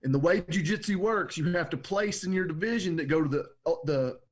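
A man's voice: fairly high pitch, fairly quick, husky. A man co-hosting a podcast in casual chat, telling jokey, laid-back stories. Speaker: podcast co-host.

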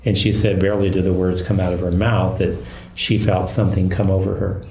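A man who is a Catholic priest and exorcist, calmly recounting a case in an interview. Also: sits low. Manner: calm, measured storytelling. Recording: echoey room.

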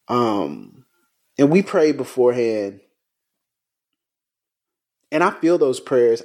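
A man's voice: mid-range voice, expressive, darkish tone. Frustrated, emotional male podcast co-host. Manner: emotional, frustrated, with halting restarts. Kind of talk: casual podcast talk.

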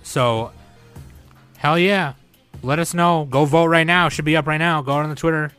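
A man's voice: fairly high pitch, steady tone, moderate pace, a bit bright, clear, resonant tone, soft background music. A young man hosting a podcast in casual chat, loose and profane, often laughing. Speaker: podcast host.

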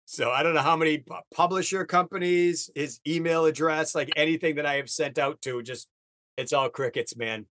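A man's voice: fairly high pitch, normal speed, fairly bright tone. A man hosting a casual book podcast, chatty and rambling, often laughing. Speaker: podcast host.

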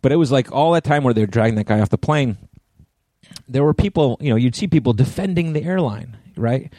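A middle-aged man co-hosting a podcast, telling a profane, animated story in casual chat. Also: mid-range voice, brisk, no echo. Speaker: podcast co-host.

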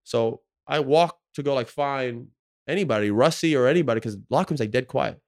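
Podcast co-host, man in his thirties, slangy, profane and emotional, mid-pitched voice. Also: brisk, darkish tone. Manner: emotional storytelling, slangy and profane, full of "like" and "bro". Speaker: podcast co-host, former pro basketball player. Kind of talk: casual podcast chat.

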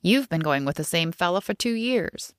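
Brief: woman playing nervous, gossipy female lab worker; high and jumpy, dry close sound. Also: expressive, dry recording, lightly acted. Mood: indignant. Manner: jittery, gossipy, quick to snap.

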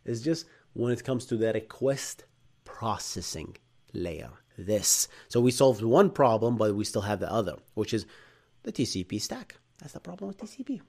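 A man from Bahrain with an Arab accent, hosting a live tech lecture and answering chat, animated, shifting between loud bursts and quiet asides. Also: fairly low pitch, measured pace. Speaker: live stream host.

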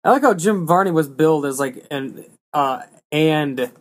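A man's voice: fairly high pitch, moderate pace. Incredulous man ranting about a bad movie. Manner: animated, incredulous, swearing. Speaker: podcast co-host. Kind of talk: casual movie review chat.

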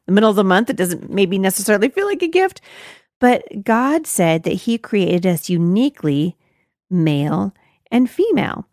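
A middle-aged woman hosts a faith-based talk for mothers, earnest and animated, often breaking off and restarting her sentences. Her voice sits on the low side for a woman. The recording is close and dry, with no room sound. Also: no echo. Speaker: podcast host.

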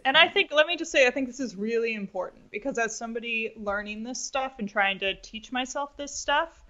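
A woman co-hosting a casual investing podcast, her voice bright and forceful. She is eager and quick to jump in with her own take. The recording sounds dull and lo-fi. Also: on the high side. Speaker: podcast co-host.

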